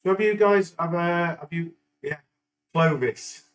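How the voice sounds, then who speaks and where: A middle-aged man from northern England hosts a stock market livestream, chatting casually and rambling with many fillers and restarts. His voice is a little high and unhurried, and the recording is rough.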